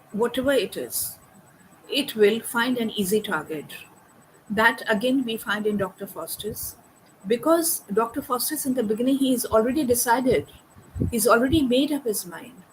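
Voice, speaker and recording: A woman's voice: a little high, lively intonation, a little slow, pauses often, a little hiss or hum, rough recording. A woman lecturing on a poem, thoughtful and hesitant with fillers, reading quoted verse aloud. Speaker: literature lecturer. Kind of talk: academic lecture.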